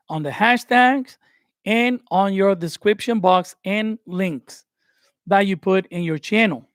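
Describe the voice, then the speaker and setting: A man with a young family giving casual, animated YouTube advice during a live stream from his home studio. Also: high voice, no echo. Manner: animated, conversational, laughs often. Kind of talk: live-stream tutorial talk.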